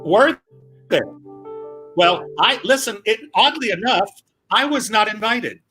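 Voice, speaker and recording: A male comedian on a video call, telling stories in a lively chatty way with quick asides. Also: high-pitched, soft background music. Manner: animated, quick asides, acts out quoted voices. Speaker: comedian guest. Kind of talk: casual comic storytelling.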